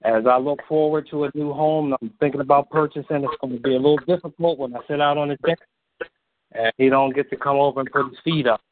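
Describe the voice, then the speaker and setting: A man calling in to a radio show, holding back tears as he speaks with slow, halting, heartfelt pauses. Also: mid-range voice, fairly even intonation, dry recording. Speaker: caller. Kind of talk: emotional tribute on a call-in show. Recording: dry, tinny phone line.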